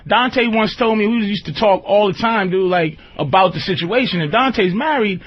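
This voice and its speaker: A man's voice: sits high, normal speed, highs cut off. A man hosting a radio talk show, talking casually in a rambling, emphatic way and often checking that the listener follows. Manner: rambling, emphatic, often asks "you understand".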